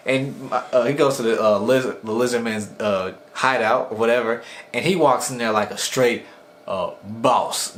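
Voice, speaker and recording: A man's voice: medium pitch, fairly bright tone. A young man casually reviewing an anime episode in a rambling, slangy way, often acting out the characters' lines.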